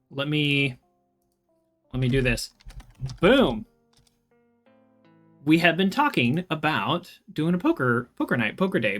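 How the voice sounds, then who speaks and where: A streamer giving casual, rambling commentary while playing, self-deprecating and quick to laugh. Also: mid-range voice, fairly bright tone. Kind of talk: casual livestream gameplay commentary.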